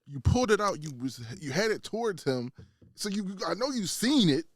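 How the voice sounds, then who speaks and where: A man's voice: sits high, very animated, normal speed, no room sound, studio quality. A man co-hosting a podcast in casual chat, arguing point by point and laughing often. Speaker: podcast co-host.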